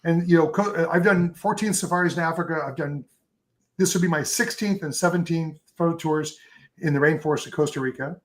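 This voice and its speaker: A man in a relaxed interview, rambling happily through his stories with plenty of ums and restarts. His voice sits on the higher side for a man. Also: fairly quick. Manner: enthusiastic, rambling storyteller with many fillers. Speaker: photographer guest. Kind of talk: casual interview chat.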